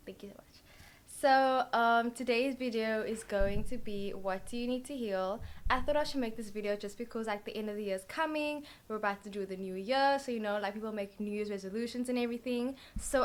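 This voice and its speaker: A woman's voice: on the high side, a little fast, few pauses. Young woman rambling through a tarot reading. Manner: rambling, full of "like" and "literally" fillers. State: tired. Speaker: tarot card reader. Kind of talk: casual chatty tarot reading.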